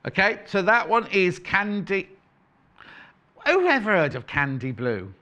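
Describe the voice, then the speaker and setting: Bright, lively shopping-channel man. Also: high voice, a little slow, highs cut off. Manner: chatty, playful, self-correcting, reads out prices. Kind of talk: live TV sales patter.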